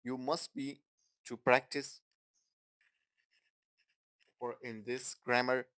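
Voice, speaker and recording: Slow-speaking man teaching English grammar. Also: mid-range voice, level tone, pushed and bright, rough recording. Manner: repeats example sentences, asks "What?" and "Okay, guys?"; non-native, broken English grammar. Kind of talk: grammar lesson.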